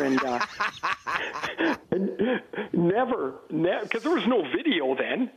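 A man, a hockey analyst calling in to a radio show, chatting casually and telling stories with lively quoted voices. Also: a little high, takes it slowly, slight background noise. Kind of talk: casual sports radio chat. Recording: tinny phone line.

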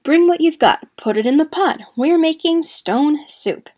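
A woman's voice: on the high side, normal speed, a little mellow, natural voice. A woman voicing a clever, cheerful male traveling cook with a showy, coaxing, sing-song delivery in a children's story.

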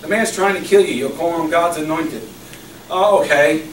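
A man preaching with passion, his voice sitting a little high for a man. He swings from loud emphatic lines to hushed repeated ones. The recording is roomy and distant, with clear background noise. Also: fast. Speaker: pastor. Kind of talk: sermon. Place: church hall. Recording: echoey room recorded from far off with background noise.

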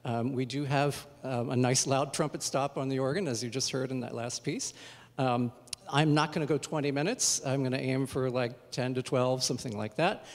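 Man, mid-pitched, relaxed church organist, chatty with filler words, long reverb, church sanctuary. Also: moderate pace. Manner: relaxed, chatty, frequent ums and uhs. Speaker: church organist giving a recital. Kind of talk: casual spoken introduction to the audience.

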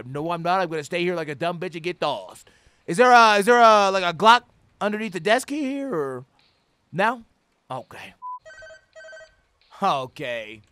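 A man hosting a let's play of a horror game, reacting loudly with a lot of swearing and sudden shouts. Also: sits high, slight background noise. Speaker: gaming channel host.

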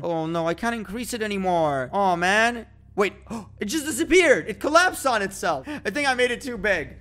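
A young man with a slightly higher voice gives excitable, joking let's-play commentary on a space sandbox game. He reacts out loud all the time, and faint music plays underneath. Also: normal speed. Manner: excitable, joking, exclaims often. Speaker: gaming YouTuber. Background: faint background music.

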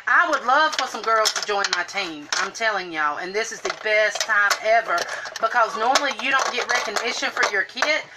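A woman's voice: medium pitch, animated, moderate pace, very noisy. A woman, chatting on a live stream while doing her makeup and greeting viewers by name in a sing-song lilt. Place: home room, indoors.

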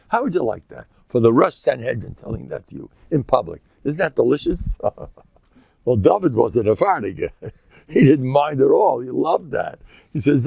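Gravelly older man giving a lively lecture. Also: normal speed, no echo. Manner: animated, jumps into high-pitched mock dialogue. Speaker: rabbi. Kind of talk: Torah lecture.

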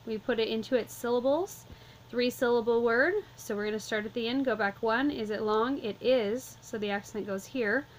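A woman walking through a vocabulary lesson, explaining calmly and methodically, step by step. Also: a little high, moderate pace, slight background noise, low-quality recording. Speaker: Latin teacher.

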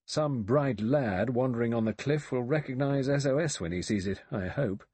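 A man's voice: mid-range voice, normal speed, darkish tone, slightly rough, no room sound, voice pushed up, close to an everyday voice. A man playing a sardonic, clipped adventurer. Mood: practical. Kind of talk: audiobook character voice.

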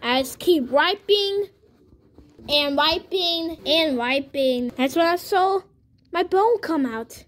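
Woman doing a baby toy, naive, earnest, high voice, slow halting storytelling, homemade toy story. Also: lively intonation, full character voice. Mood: plain. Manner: rambling, halting storytelling with restarts.

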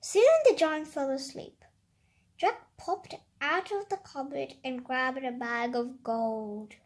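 A child reading a picture book aloud, slowly and carefully, stopping to describe the pictures. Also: sits high. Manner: slow careful reading, halting comments. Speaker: story reader.

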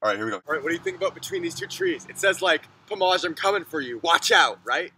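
A man doing a comic parody vlog skit, talking mock-serious and getting hyper, sometimes shouting. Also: a little high, animated, quick pace, slight background noise, low-quality recording. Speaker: parody vlogger.

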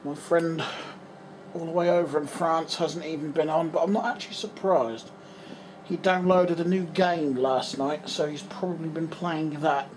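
Sorting through his bedroom, this English vlogger keeps up a relaxed running commentary in a slightly high voice, his tone steady and his speed normal. His talk wanders as he mutters to himself and abandons sentences halfway, while a faint room hum sits behind him.

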